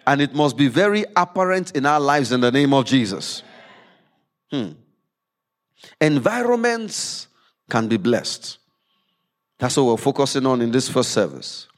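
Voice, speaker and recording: A man preaching a sermon in a church service, reading scripture aloud with rising emphasis and dropping low to explain it. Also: sing-song, a little slow, pauses often.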